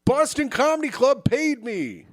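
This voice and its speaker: A man's voice: very high-pitched, big pitch swings, measured pace, no echo, clean studio sound. A man co-hosting a comedy podcast, telling a rambling, joking story in casual chat. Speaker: podcast co-host.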